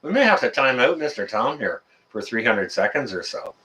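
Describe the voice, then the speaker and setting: A man hosting a live stream, chatting casually with viewers in a rambling, excitable, jokey way. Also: mid-range voice, moderate pace. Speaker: livestream host answering chat.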